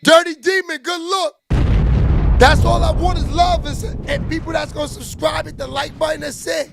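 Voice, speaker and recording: A man hosting a casual livestream, loud and joking as he greets viewers by name and reads their comments. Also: very high voice, steady tone, normal speed, creaky, heavy background noise. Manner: loud, joking, shouts out chat names. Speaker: livestream host reading chat. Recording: music playing behind.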